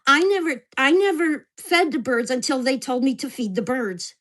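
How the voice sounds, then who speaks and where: A woman's voice: high-pitched, moderate pace, fairly bright tone. A woman in her sixties, venting to camera at home in an agitated, swearing rant. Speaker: vlogger. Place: at home in a mobile home park.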